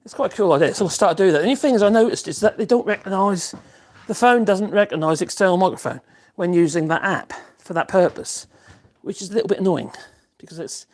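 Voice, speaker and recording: A man's voice: sits high, fast. A man chatting casually while he works in his home workshop, rambling and exclaiming as he goes. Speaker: woodworking live streamer. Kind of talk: casual live-stream chat while working. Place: home workshop, a bit echoey. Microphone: external mic.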